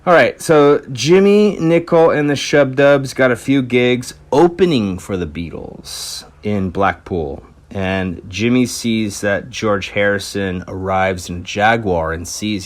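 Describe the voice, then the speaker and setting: A man's voice: mid-range voice, lively intonation, slow. A man hosting a podcast, telling a rock history story in a loose, chatty way with lots of fillers and restarts. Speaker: podcast host. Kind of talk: casual storytelling.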